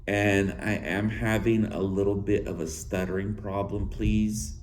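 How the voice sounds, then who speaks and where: A man in his thirties with a slight lisp, talking in a halting way to his viewers, with restarts and filler words. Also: fairly low pitch, level tone, darkish tone, a little hiss or hum. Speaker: vlogger. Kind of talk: personal talk to viewers. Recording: echoey room with faint ambience.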